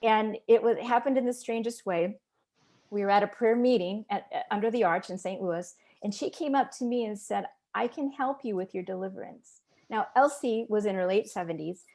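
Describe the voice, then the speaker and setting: A woman in roughly her fifties gives a personal testimony as an interview guest, earnest and emotional, acting out the voices she quotes. Her mid-range voice has a darkish tone, and she speaks briskly.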